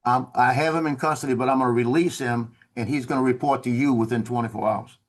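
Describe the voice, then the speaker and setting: A man's voice: medium pitch, quick pace. Man with a drawl telling a story. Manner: animated, acts out quoted officers. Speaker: former Marine telling a story. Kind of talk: casual storytelling on a video call. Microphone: video call.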